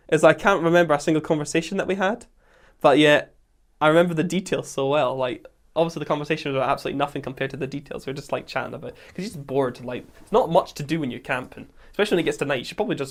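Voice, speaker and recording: A Scottish-accented podcast host tells a camping story in a casual, animated way, acting out quotes and laughing often. His voice sits on the high side.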